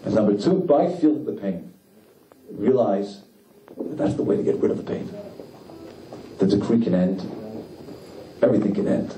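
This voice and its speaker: A man giving a sermon as a rabbi, delivering it with impassioned emphasis and climbing pitch on key lines. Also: expressive, moderate pace, pauses often, warm tone, a little hiss or hum. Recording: echoey room, mic at a distance, faint background.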